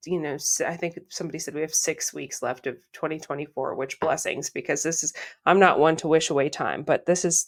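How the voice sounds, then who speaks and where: Woman w a low voice doing a solo podcast, heartfelt and reflective, talks right to listeners. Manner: repeats phrases for emphasis. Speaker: podcast host.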